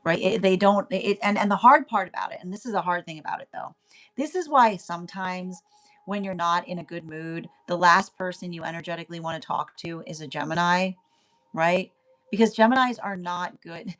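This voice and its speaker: A woman's voice: medium pitch, normal speed. A young woman talks through a tarot reading in a loose, chatty way. She keeps asking "right?" and breaks into laughter again and again. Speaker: tarot reader. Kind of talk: casual tarot reading monologue.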